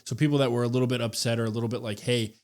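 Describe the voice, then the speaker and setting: A man co-hosting a podcast, giving his opinions in a relaxed, casual way. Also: medium pitch, rapid-fire. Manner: relaxed, thinks aloud with fillers. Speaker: podcast co-host. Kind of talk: casual wrestling review chat.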